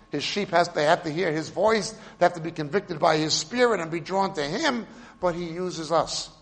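A man preaching a sermon, explaining Hebrew and Greek words with emphatic stresses and quiet asides. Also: on the high side, vocal fry, big-room sound. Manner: swings between loud stresses and quiet asides.

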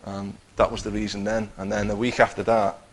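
A man's voice: lowish voice, little pitch movement, a little fast, rough recording. A man telling a personal faith testimony in a conversational way, acting out what he and others said. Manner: conversational, acts out his own quotes, many restarts.

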